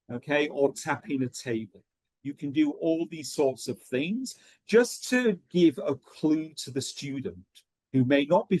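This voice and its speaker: A man running an online teacher training session, talking in a steady rhythm with frequent ums and okays. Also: mid-range voice, slightly rough, no room sound, rough recording.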